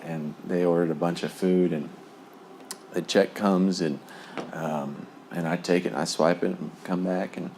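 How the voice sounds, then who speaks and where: A man's voice: deep voice, fairly even intonation, unhurried, creaky, darkish tone, slight background noise. A man from New Jersey telling his recovery testimony in a rambling way, with many fillers and frequent chuckles. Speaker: speaker sharing a recovery testimony. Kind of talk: personal testimony storytelling.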